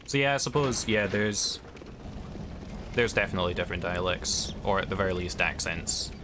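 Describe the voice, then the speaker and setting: A Scottish man with a low voice streams a video game, chatting casually at normal speed and rambling as he answers viewers' questions, with background noise audible.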